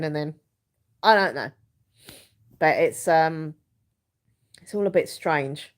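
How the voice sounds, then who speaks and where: A woman's voice: on the low side, moderate pace, long pauses. A young woman hosting a casual live chat from home, rambling and giggling as she reads viewers' comments. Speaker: live stream host.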